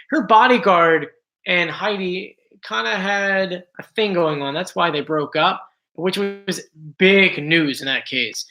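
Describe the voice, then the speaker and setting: Bright chatty man talking on a livestream. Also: high voice. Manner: chatty, restarts often, apologetic asides. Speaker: host. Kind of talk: casual livestream commentary.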